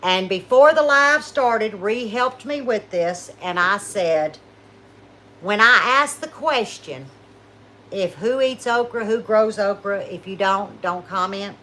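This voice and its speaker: A woman's voice: mid-range voice, slow pace, a bit bright, rough recording. A middle-aged woman with a South Louisiana accent, casually chatting with viewers on a live stream in a folksy way. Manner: chatty, folksy, addresses viewers as y'all and honey.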